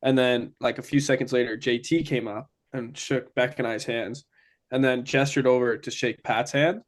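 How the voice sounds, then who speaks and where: A man's voice: medium pitch, fairly even intonation, moderate pace. A young man from Ontario, telling a story as a guest in casual chat, full of fillers. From Ontario, Canada. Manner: chatty, many fillers.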